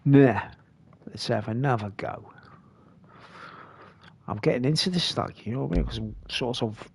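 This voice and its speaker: Bloke rambling thru a live game stream, gravelly voice, keeps saying mate. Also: male voice, medium pitch, moderate pace, darkish tone. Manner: rambling, chatty, peppers talk with "mate". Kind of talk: live gameplay commentary.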